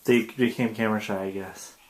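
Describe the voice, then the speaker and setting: A man's voice: on the low side, fairly even intonation, brisk. A father chatting playfully in a home video, teasing and talking sweetly to his small child. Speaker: father filming his toddler. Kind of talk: casual home video chat.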